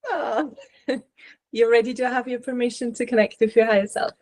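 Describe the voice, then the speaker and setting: A woman channeler giving a reading, gently relaying messages with reassuring, filler-filled speech. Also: on the high side, fairly even intonation, normal speed. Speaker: spiritual channeler and regression therapist.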